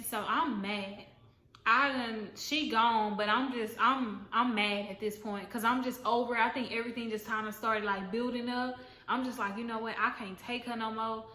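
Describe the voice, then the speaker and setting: A young woman telling a casual storytime, animated and slangy, acting out what people said. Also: on the high side, moderate pace. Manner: animated, slangy, acts out quotes. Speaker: vlogger. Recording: echoey room, faint background noise.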